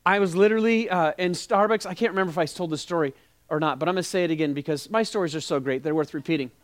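A middle-aged man preaching a sermon as pastor, telling animated stories with quoted dialogue. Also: fairly high pitch, very fast.

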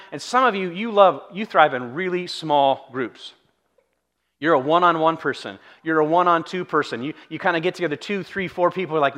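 Bright, chatty man preaching a sermon. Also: fairly high pitch, moderate pace. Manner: conversational and humorous, acts out quoted voices. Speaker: pastor. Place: church sanctuary.

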